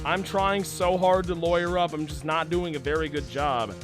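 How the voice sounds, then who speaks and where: A man's voice: a little high, fairly even intonation, moderate pace. A young man streaming a game, commenting in a frustrated, sarcastic and profane casual way. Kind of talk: casual let's-play commentary. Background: game music.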